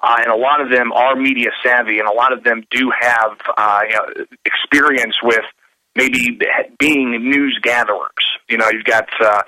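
A male caller on a radio show, speaking haltingly with many fillers. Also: mid-range voice, steady tone, bright, forceful tone, no room sound, low-quality recording. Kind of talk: call-in radio conversation.

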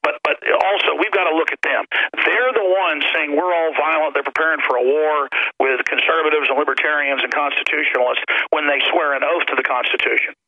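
A man's voice: fairly high pitch, fairly even intonation, a little fast, pushed and bright, lo-fi sound. A man hosting a talk radio show, ranting insistently and often repeating words as he pushes his point. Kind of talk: heated talk radio monologue.

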